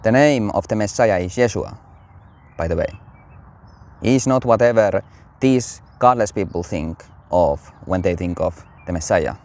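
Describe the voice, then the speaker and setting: A man's voice: fairly low pitch, animated, measured pace, darkish tone. A man giving casual, rambling religious commentary with many fillers.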